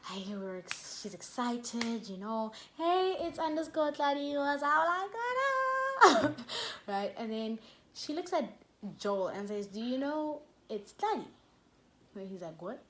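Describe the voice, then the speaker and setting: A young South African woman with a South African accent, telling a story in a chatty, animated vlog and dropping local words into her talk. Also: mid-range voice, a little hiss or hum. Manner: chatty and animated, with laughs and code-switching. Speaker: YouTuber.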